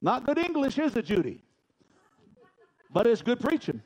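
A man preaching a sermon as pastor in a church, folksy and emphatic, swinging between loud, driving lines and hushed ones. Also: extremely high pitch, very animated, moderate pace, long pauses, slightly rough, poor audio. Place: church sanctuary.

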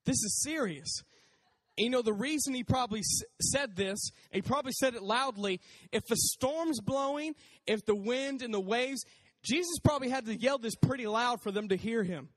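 A man preaching a casual sermon in a conversational, animated way, acting out voices as he talks. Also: very high-pitched, normal speed, long reverb tail.

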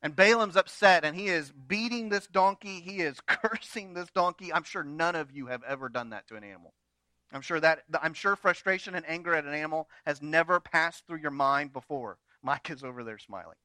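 A man preaching to his congregation, telling a story with joking asides. His voice is high and bright, recorded close and dry with no room around it. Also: lively intonation, brisk, dry recording. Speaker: pastor. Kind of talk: sermon.

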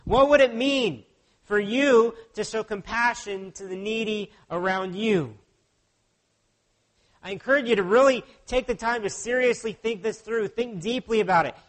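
A man's voice: high voice, normal speed, a bit bright. A pastor preaching a sermon in an earnest way, often putting questions to his listeners.

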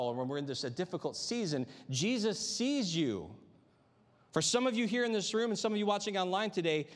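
A man's voice: on the high side, big-room sound. A man preaching a sermon to a live congregation in a chatty, conversational way, often tossing out rhetorical tag questions. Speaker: pastor. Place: church sanctuary with live congregation.

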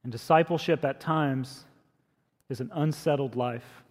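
A man preaching a sermon in a conversational way, growing louder and higher when he makes a point. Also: a little slow, long reverb tail. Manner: conversational preaching, rises in pitch and force when emphatic. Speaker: pastor.

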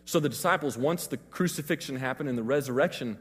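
A man delivers a sermon in a relaxed, conversational manner, retelling the story in everyday words. His voice is husky, at a middling pitch. The sound rings out with a long reverb, as in a large hall. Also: quick pace. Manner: casual, conversational retelling of scripture. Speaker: preacher.

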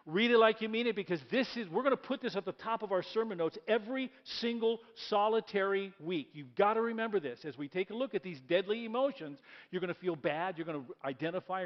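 A man preaching a sermon in a church, lively and repeating key lines as he leads the congregation in reading aloud. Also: sits high, fast, muffled recording. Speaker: pastor.

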